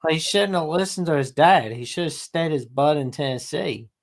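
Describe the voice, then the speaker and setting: A man's voice: on the high side, lively intonation, normal speed, creaky. A man in casual sports talk who speaks bluntly and plainly as he gives his picks. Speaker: co-host.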